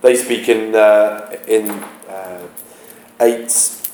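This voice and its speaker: Low-voiced teacher in an echoey classroom. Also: male voice, steady tone, warm tone, a little hiss or hum. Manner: halting, searches aloud for words; demonstrates rhythms by chanting beats. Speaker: English teacher. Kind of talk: classroom explanation of a play.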